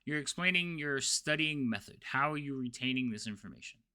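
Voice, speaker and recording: Bright-voiced male game master. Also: mid-range voice, lively intonation, a little fast. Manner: explains rules in a loose, chatty way. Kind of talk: running a tabletop game, casual.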